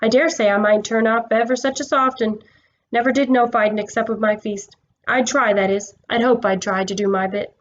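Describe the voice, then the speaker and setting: A woman's voice: on the high side, fairly even intonation, a little fast, dull audio, slight background noise, close to an everyday voice. A woman voicing a humble, plain-spoken cab driver who talks hesitantly and deferentially.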